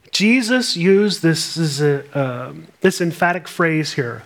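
Guy preaching a sermon, voice a bit on the high side, earnest, reads verses out loud. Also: lively intonation, slow, few pauses. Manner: earnest expository preaching, reads scripture aloud. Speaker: pastor.

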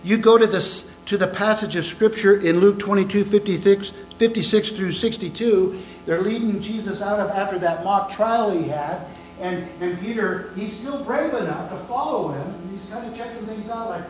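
A man preaching a sermon, retelling a scripture story with acted-out lines and sudden hushed whispers. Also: sits high, normal speed, over music. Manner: dramatic storytelling, acting out scenes, dropping to whispers for emphasis. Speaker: pastor.

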